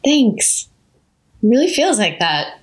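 An actress at a table read playing an emotional, unsure young female intern, in slow, drawn-out lines. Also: fairly high pitch, big pitch swings. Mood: wistful. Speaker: actor in a script table read.

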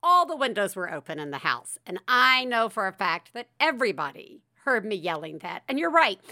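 Bright-voiced woman podcast host. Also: medium pitch, a little fast, no room sound, studio quality. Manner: animated, laughs often, shouts quoted lines. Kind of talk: casual podcast chat. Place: home.

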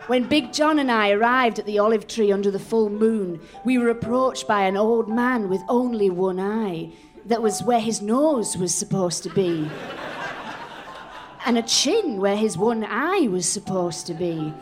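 Woman telling an absurd story deadpan. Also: medium pitch, unhurried, faint music behind. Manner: deadpan, absurd comic narration. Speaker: comedian narrator. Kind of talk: live comic storytelling. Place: live stage at a festival.

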